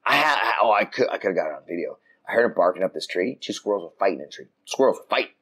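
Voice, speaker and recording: A man on a casual podcast, telling a story with lively voices for the people in it. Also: low voice, quick pace, breathy edge. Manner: animated storytelling, acts out voices, frequent restarts. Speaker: podcast co-host. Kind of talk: casual chat. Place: room outside the usual studio.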